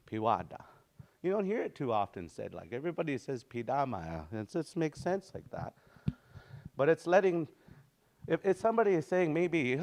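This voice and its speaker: A man teaching a language lesson in a relaxed, easygoing way, slowly repeating words for practice and often restarting his sentences. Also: on the high side. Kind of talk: informal spoken language lesson.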